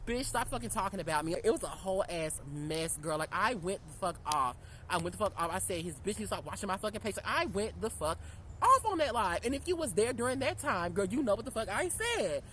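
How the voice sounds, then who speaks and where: A young man telling a storytime about a fight in a profane, sassy, animated rant. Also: high-pitched, a little fast, a little hiss or hum, low-quality recording. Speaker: storytime vlogger.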